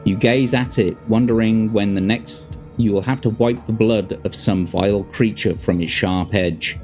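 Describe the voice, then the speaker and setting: A man's voice: lowish voice, fairly even intonation, measured pace, darkish tone, faint music behind. Birmingham man reading a fantasy gamebook. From Birmingham, England. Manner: casual, stops to chat and correct himself. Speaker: host reading a gamebook on stream. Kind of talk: reading a fantasy gamebook aloud with chat asides.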